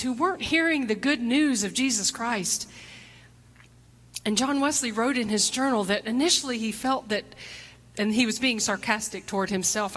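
Woman pastor giving a sermon, asks lots of questions, goes quiet and hushed sometimes, big echoey hall. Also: fairly high pitch. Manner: reflective preaching with rhetorical questions, dropping to hushed asides. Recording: long hall reverb.

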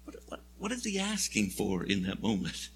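A man's voice: fairly low pitch, huge pitch swings, moderate pace, long reverb tail, a little hiss or hum. A male pastor preaching a sermon, telling the story in a conversational, wry way with jokes.

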